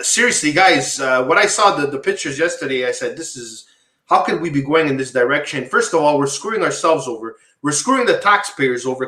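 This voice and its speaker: Quebec guy hosting a podcast, bright high-ish voice, rambles and repeats stuff, echoey room. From Quebec, Canada. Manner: rambling, repeats himself, addresses viewers as guys. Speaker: podcast host. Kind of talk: casual talk show chat.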